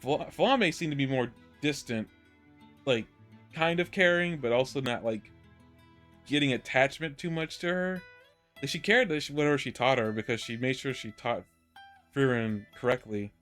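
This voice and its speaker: A man's voice: mid-range voice, normal speed, fairly bright tone, soft background music. A man co-hosting a podcast, talking through an anime episode in a rambling way, full of restarts and easy laughter. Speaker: podcast co-host. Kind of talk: casual anime review chat.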